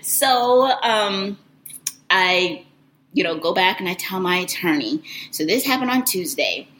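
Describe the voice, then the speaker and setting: A woman telling a personal story in an animated, expressive, conversational way. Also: on the low side, measured pace, a little hiss or hum, poor audio.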